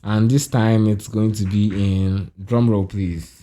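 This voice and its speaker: A man's voice: fairly low pitch, little pitch movement, slow, dark tone. A Nigerian man co-hosting a podcast in casual chat, joking and rambling with frequent laughs. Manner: jokey, rambling, laughs often. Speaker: podcast co-host.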